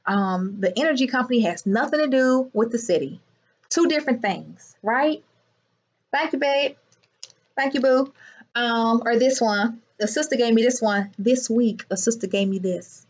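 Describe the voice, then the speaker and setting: A woman telling a story in a casual vlog from her clinic, indignant and animated, acting out the people she quotes. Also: on the high side, normal speed. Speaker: business owner and healer. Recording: muffled lo-fi sound.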